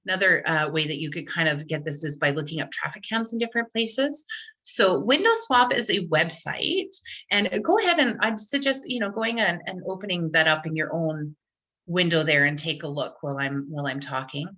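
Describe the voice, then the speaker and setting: Bright-voiced woman presenting a teacher workshop. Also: low voice, animated, a little fast. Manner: chatty, filler-heavy, restarts often. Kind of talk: live online tech tutorial. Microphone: computer mic on a video call. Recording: dull lo-fi online call audio.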